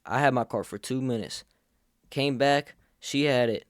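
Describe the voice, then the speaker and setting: The host, a young adult man, narrates a funny storytime vlog full of sarcastic jokes. He speaks at a moderate pace in a mid-range voice, recorded cleanly in a studio without echo.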